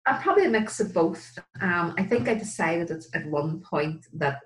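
A woman's voice: fairly low pitch, expressive, moderate pace, poor audio. A woman, chatting candidly as an interview guest and laughing at herself. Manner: candid and self-deprecating, laughs often. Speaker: guest, Irish language learner. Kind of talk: casual interview chat.

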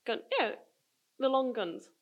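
A woman's voice: fairly high pitch, unhurried, muffled recording. Woman, casual group chat, chatty, lots of fillers. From UK countryside. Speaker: film discussion participant.

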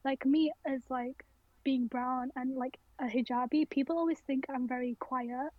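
A young woman from Rochdale, a talkative, loud and confident podcast co-host in casual chat. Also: high-pitched, steady tone, normal speed, no echo, phone-quality sound. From Rochdale, England.

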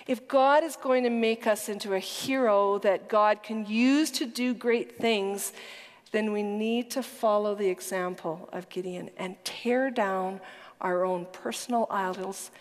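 A woman's voice: mid-range voice, steady tone, measured pace. Woman preacher, earnest and emphatic sermon delivery, occasional whispers, long hall reverb. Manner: earnest, emphatic storytelling, dropping to a whisper at times.

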